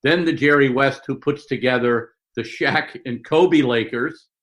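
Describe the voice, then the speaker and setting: An older man telling stories as an interview guest, lively and full of quick asides. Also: mid-range voice, poor audio. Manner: animated storyteller, quick asides and mock voices. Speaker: sportswriter guest. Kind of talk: conversational interview storytelling.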